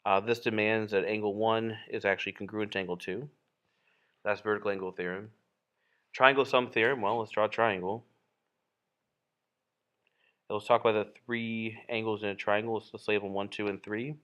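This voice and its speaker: A man's voice: fairly low pitch, fairly even intonation, moderate pace, pauses often, fairly bright tone, clear, resonant tone. A man teaching a geometry lesson while drawing, in a casual, explanatory way with frequent fillers and self-corrections. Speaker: math teacher.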